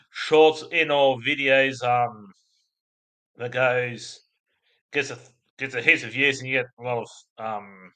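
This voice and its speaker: A man's voice: medium pitch, bright, forceful tone. A man with an Australian accent, hosting a casual livestream and chatting with his viewers in a rambling way. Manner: rambling, chatty, laughs at chat. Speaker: livestream host.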